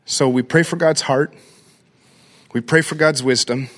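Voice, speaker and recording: A middle-aged man, a pastor giving an energetic, story-driven talk to a church crowd and calling them "guys". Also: fairly high pitch, measured pace.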